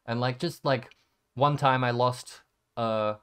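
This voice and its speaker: A young man talking candidly in a personal vlog, rambling and halting, swearing casually and trailing off quietly, still emotional after crying. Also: medium pitch, steady tone, clean tone. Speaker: vlogger.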